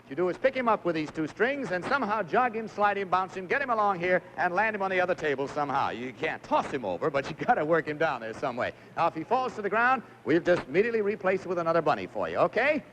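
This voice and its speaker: A man's voice: high voice, sing-song, quick pace, hardly any pauses, a bit bright, slight background noise. A man hosting a live TV game show, chatty and jokey as he coaxes contestants through stunts. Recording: muffled 1950s TV broadcast audio.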